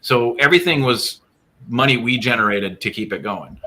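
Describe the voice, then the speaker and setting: A man with a bright, mid-pitched voice tells stories from his paranormal investigations in relaxed podcast talk. He jumps in with quick asides and keeps it conversational. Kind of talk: casual podcast chat.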